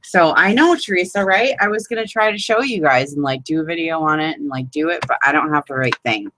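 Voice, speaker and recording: A woman's voice: deep voice, fairly quick, fairly bright tone, a little hiss or hum, low-quality recording. A woman hosting a live crafting chat, rambling and exasperated, swearing and laughing as she talks to viewers by name. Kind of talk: casual live chat, demonstrating a paper craft.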